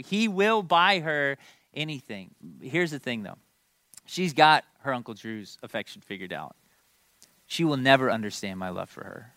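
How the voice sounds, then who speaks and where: A man's voice: mid-range voice, bright, forceful tone, no room sound. A man in his thirties preaching a sermon, telling a family story with playful asides to the congregation. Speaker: pastor.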